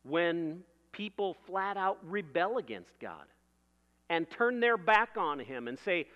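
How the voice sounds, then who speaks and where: Man, sermon, high bright voice, conversational storytelling, hall reverb, dull lo-fi sound. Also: sing-song, takes it slowly. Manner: conversational, with vivid illustrations and laughter. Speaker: preacher.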